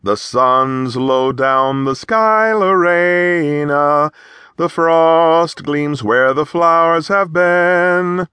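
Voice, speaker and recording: A man voicing a playful young male cavalry officer who teases and sings a slow ballad. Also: medium pitch, expressive, a bit bright, husky, no room sound, pitched above the performer's own voice. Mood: singing slowly.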